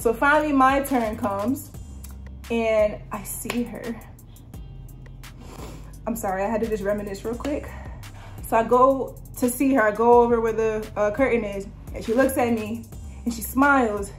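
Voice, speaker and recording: A young woman vlogger chatting through a storytime in a casual, excited way, full of "like". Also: a little high, normal speed, over music. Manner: chatty, lots of "like", excited retelling.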